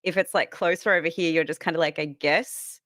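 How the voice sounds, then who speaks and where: Podcast co-host, woman, lowish voice, quick asides and laughter, dry mic. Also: steady tone, fairly bright tone, no room sound. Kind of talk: casual panel chat.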